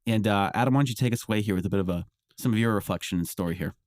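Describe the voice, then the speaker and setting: A man hosting a podcast in casual chat, relaxed and rambling with lots of fillers. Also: lowish voice, racing, dry recording, studio quality. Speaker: podcast host.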